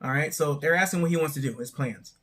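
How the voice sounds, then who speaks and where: Man, young adult, channel host, casual recap talk, rambling, fairly high voice. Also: quick pace, a bit bright. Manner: rambling, hedging with frequent "I don't know". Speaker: show reviewer, channel host.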